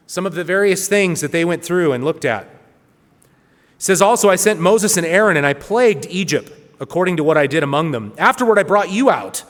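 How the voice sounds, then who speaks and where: A man's voice: high voice, lively intonation, brisk, fairly bright tone, big-room sound. A man giving a sermon, reading scripture aloud with earnest, rising emphasis. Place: church hall.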